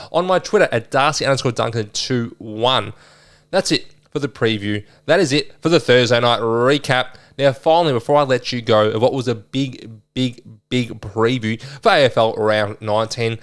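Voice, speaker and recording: A young Australian man hosting a solo sports podcast, chatting casually and a bit rambling as he previews the weekend's games. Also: mid-range voice. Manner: chatty, lively, rambling with fillers.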